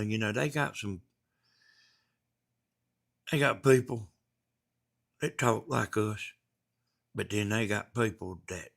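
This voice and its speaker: A Georgia man with a Southern accent hosts a livestream, chatting casually in a lowish, creaky voice. He reads out viewer comments in a folksy, rambling manner.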